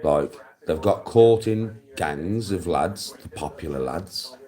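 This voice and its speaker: A man's voice: low-pitched, takes it slowly, dark tone. A middle-aged man with an English accent, delivering a blunt, coarse, swearing monologue straight at the viewer as a live-stream host. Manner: lectures the viewer directly, answers chat.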